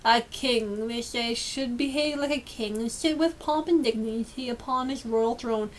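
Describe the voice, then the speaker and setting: Woman reading a stern scheming male lord, storybook, harsh mutter, higher pitch. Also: measured pace, slight background noise, close to an everyday voice. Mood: sly.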